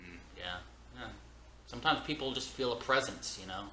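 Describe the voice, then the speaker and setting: A man's voice: mid-range voice, lively intonation, moderate pace, bright, forceful tone, a little hiss or hum. A man from Georgia musing in a casual chat, self-deprecating and trailing off in restarts, in a room of an old house. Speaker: co-host, band member. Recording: echoey room, faint ambience.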